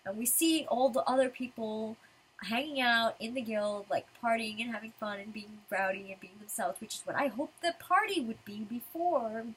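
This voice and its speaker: A woman's voice: a little high, normal speed, a bit bright, breathy edge, low-quality recording. A woman talking casually while reading through a manga chapter, chatty and full of fillers. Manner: chatty, filler-heavy fan talk. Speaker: manga reviewer.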